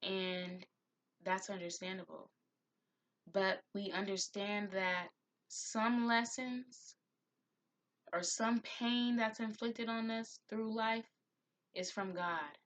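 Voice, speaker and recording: A woman's voice: medium pitch, steady tone, slow, long pauses, a bit bright. A woman giving a spiritual tarot reading, heartfelt and encouraging, who admits to getting emotional. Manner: gets emotional. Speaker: tarot reader.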